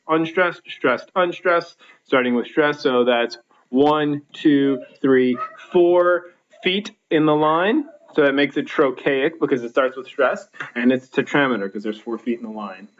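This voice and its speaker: Slow-counting male teacher, lo-fi sound. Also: medium pitch. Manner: talks through slides with frequent fillers and restarts, counting out stresses slowly. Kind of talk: recorded classroom lesson.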